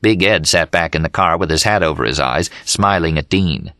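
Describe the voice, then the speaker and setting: A man narrating an audiobook in a steady, measured reading. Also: sits low, no echo, clean studio sound. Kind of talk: scripted narration. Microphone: studio mic.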